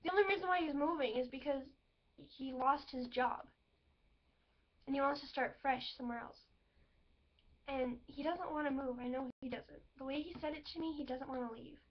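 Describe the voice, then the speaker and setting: A woman's voice: high-pitched, moderate pace. A young woman telling a personal story to her viewers in a rambling, emotional way, with many fillers. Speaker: vlogger. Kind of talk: personal vlog talking to camera. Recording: dull lo-fi webcam audio.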